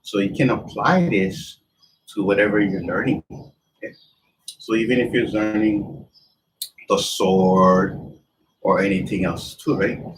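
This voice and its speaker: A man's voice: fairly low pitch, unhurried, long pauses. A man teaching a tai chi lesson, talking in loose, broken phrases as he demonstrates the moves. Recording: distant mic with faint background noise.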